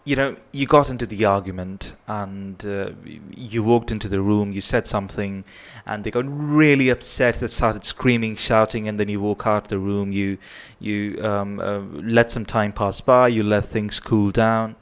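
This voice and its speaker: A man's voice: on the low side, fairly even intonation, a little slow. A man giving earnest parenting advice, often checking in with "right?". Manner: earnest, repetitive, tags points with "right?". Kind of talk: advice talk to camera.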